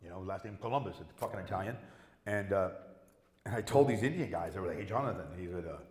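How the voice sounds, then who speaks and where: A man's voice: low-pitched, fast talker. A middle-aged man, a guest actor on a convention panel, telling profane anecdotes and acting out the people in them. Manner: animated, profane, acts out quoted voices. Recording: echoey hall with long reverb.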